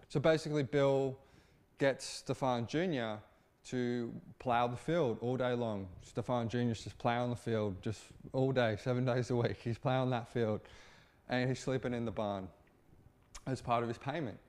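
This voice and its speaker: A man's voice: mid-range voice, steady tone, moderate pace, a little mellow. Informal man doing satirical commentary. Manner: informal, repetitive restarts, occasional swearing. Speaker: political commentator.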